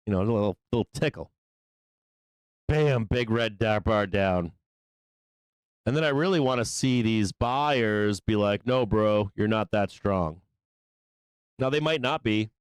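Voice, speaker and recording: Profane, excitable stock trading host. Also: male voice, lowish voice, normal speed, smooth, dry recording. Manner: profane, excitable, loose trader talk. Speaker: stock market show host. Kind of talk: live trading commentary.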